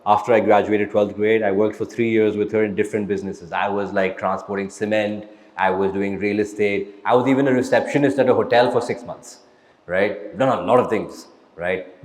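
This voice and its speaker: A man's voice: lowish voice, a little mellow, reverberant, big-room sound, low-quality recording. A man answering audience questions in a blunt, motivational way, tagging lines with "right?" and "man". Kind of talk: casual live Q&A talk. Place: event hall with live audience.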